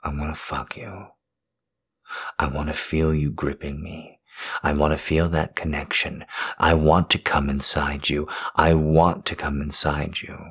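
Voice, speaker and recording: A man in a whispered role-play, speaking in a slow, intimate, coaxing murmur that moves between whispers and a low voice. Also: flat delivery, a bit bright, breathy edge. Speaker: audio role-play performer.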